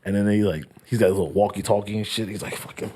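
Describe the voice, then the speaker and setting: A man co-hosting a podcast, telling a profane story in a casual, animated way and acting out the people in it. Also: on the low side, very fast, slightly rough. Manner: profane, animated, acts out quotes. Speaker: podcast co-host.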